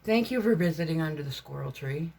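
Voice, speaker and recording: A woman's voice: deep voice, expressive, brisk, gravelly, mellow, a little hiss or hum. A woman vlogger chatting casually about her crafts, meandering and chatty with many fillers and self-corrections. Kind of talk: casual rambling vlog chat.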